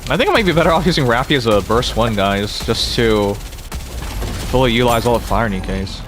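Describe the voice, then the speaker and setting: A man's voice: mid-range voice, lively intonation, a little fast, noisy background. A young man streaming a game, chatting casually and thinking aloud as he plans his teams. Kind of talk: casual gaming livestream chat.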